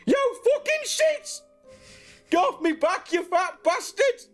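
Brief: a livid teenage lad, shrill and screeching, way up high. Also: male voice, sing-song, slow pace, faint music behind, heavily acted. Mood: furious shrieking. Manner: stammering when sheepish. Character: furious teenage boy shrieking insults.

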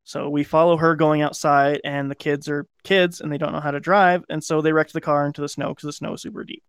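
Rambling podcast man, fairly high voice. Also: little pitch movement, fairly quick, clear, resonant tone, dry recording. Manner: rambling, lots of "like" and restarts, acts out quoted lines. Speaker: podcast co-host. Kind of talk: casual chat, retelling a film plot.

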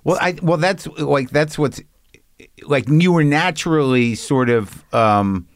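Man interviewer, halting, dry sound. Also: fairly high pitch, no room sound. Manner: frequent short affirmations, halting follow-up questions. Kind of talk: casual interview chat.

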